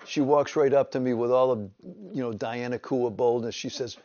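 A man's voice: medium pitch, moderate pace, few pauses, muffled recording. A man, a pastor telling his personal testimony in a storytelling way. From upstate New York. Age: 70s. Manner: storytelling, lively retelling with quoted voices.

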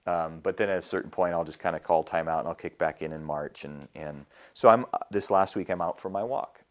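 A man's voice: low-pitched, brisk. A middle-aged male pastor preaching a sermon in a conversational storytelling way, often repeating words as he starts a thought.

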